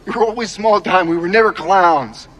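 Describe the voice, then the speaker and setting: A man's voice: high voice, moderate pace, fairly bright tone. An actor playing a proud, bitter musician scolding his brother in a film scene, with a cutting, contemptuous manner.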